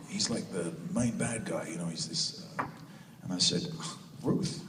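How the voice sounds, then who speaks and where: A man with a New Zealand accent and a very deep voice spins laughing, rambling stories with many restarts. He sounds distant, in a long-echoing convention hall with noise around him. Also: measured pace, pauses often. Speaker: convention panel guest. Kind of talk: casual storytelling Q&A answer. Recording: echoey hall recorded from far off.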